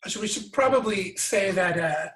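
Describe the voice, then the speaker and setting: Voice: medium pitch, expressive, brisk, fairly bright tone, roomy sound. A podcast guest making dry, sarcastic quips in casual chat.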